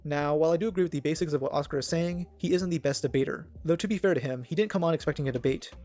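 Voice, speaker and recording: A man's voice: fairly high pitch, racing, darkish tone. A man narrating a commentary video in a snarky, judgmental tone.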